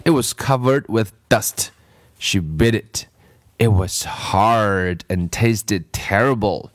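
A man's voice: lowish voice, slow, no room sound, studio quality. A man reading a children's story aloud with playful asides to the listener. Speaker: reader.

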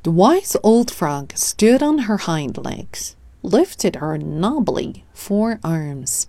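Slow, mellow woman reading a storybook. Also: mid-range voice, expressive, dry recording. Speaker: storybook reader. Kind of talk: read-aloud children's story narration.

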